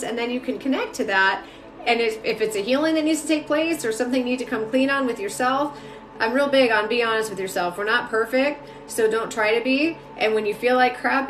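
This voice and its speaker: This spiritual reader and mentor chats through casual live-stream readings in her home room, greeting viewers by name and filling her speech with fillers. Her voice is a little high and a bit bright, the sound is roomy, and there's slight background noise.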